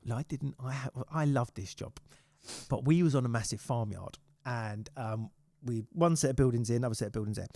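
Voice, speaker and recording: In a dry recording with clean studio sound, a man with a medium-pitched, brisk voice hosts a casual podcast chat. He swears freely and tells animated stories, performing the quotes himself.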